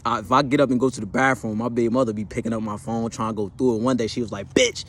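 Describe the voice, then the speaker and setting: A man's voice: mid-range voice, fairly even intonation, racing, a bit bright. A man in his twenties casually telling a personal story, slangy and profane, rambling with fillers and self-corrections.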